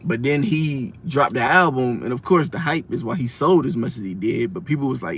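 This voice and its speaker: A man's voice: medium pitch, animated, a little fast, a bit bright, slightly rough. A man giving a casual, rambling music review monologue, full of slang, restarts and fillers.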